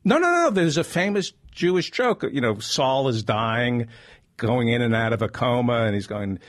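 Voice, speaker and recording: Husky man telling jokes, lively. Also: medium pitch. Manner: animated joke-telling, quick asides. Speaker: host. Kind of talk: comedic podcast banter.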